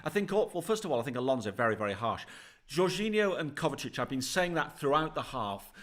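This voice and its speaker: A man's voice: medium pitch, big pitch swings, quick pace, a bit bright. A middle-aged man co-hosting a live football stream, easygoing, reading viewers' messages. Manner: easygoing, reads viewer chat aloud. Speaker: co-host, streamer's father.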